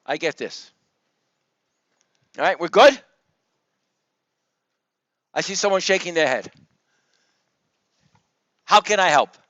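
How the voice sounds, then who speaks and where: Casting: male lecturer, high voice, loud and teasing, dry dull recording. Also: animated, takes it slowly, long pauses, dry recording. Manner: joking, coaxing, calls students by name; loud, projects voice to the room. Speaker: engineering professor. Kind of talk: lecture review session.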